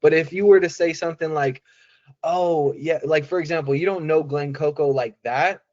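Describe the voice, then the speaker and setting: A man's voice: a little high, a little fast, darkish tone, muffled recording. A man giving casual sales coaching, talking loosely with lots of fillers and acting out quoted voices. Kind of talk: casual coaching talk on a call.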